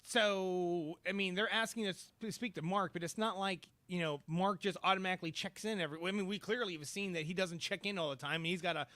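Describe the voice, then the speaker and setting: A man talks in a casual podcast review, rambling with lots of ums and restarts. His voice is bright and fairly high for a man, and the recording is dry and close. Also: a little fast, few pauses, no echo. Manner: rambling, many fillers and restarts. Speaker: podcast co-host. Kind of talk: casual episode review chat.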